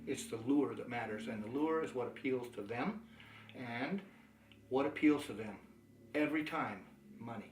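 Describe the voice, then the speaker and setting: A man's voice: medium pitch, normal speed, reverberant, distant mic, slight background noise, rough recording. A man giving a sales training talk, telling stories, acting out the dialogue and chuckling often. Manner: chuckling, anecdotal, animated.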